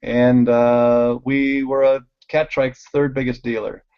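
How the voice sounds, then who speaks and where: Lively storytelling bike shop man. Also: mid-range voice, slow pace, clear, resonant tone, lo-fi sound. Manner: animated storyteller, acts out quoted voices, laughs often. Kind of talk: casual storytelling over slides.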